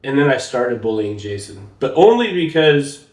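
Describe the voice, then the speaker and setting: A man with a Texan accent chats on a casual podcast, mid-pitched, laughing often and restarting his sentences. He sounds a little roomy and echoey. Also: very animated, moderate pace, darkish tone. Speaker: podcast co-host. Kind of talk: casual chat.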